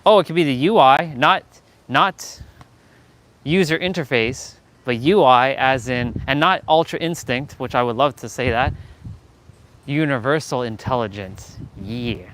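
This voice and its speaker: A man's voice: medium pitch, a little slow, fairly bright tone, a little hiss or hum. A man with a Southern American accent chatting casually on a live stream, playful and rambling, answering his viewers and laughing often.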